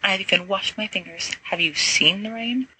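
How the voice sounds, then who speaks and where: A woman's voice: medium pitch, moderate pace, sharp tone, slight background noise, low-quality recording. A woman voicing a cheeky, playful teenage boy wizard who speaks theatrically.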